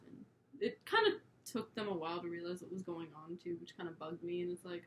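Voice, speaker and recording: A woman's voice: lowish voice, normal speed, fairly bright tone, slight background noise, rough recording. A young woman co-hosting a podcast in casual, playful and giggly chat. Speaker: podcast co-host.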